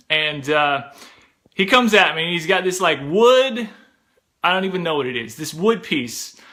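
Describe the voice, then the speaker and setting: A young man spins a comic story about himself in a loose, chatty way, sprinkling in "like" and "bro". His voice sits high for a man and has a bright, forceful edge. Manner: animated, chatty, peppered with "like" and "bro".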